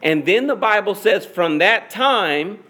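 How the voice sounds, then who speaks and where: A male pastor preaching a sermon in a slow, deliberate, emphatic way. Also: sits high, expressive, sharp tone.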